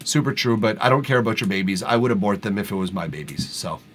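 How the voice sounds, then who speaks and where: A man's voice: fairly low pitch, expressive, quick pace. Blunt man streaming live. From Quebec, Canada. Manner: blunt, candid. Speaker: host reviewing listeners' music. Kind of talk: casual live-stream chat.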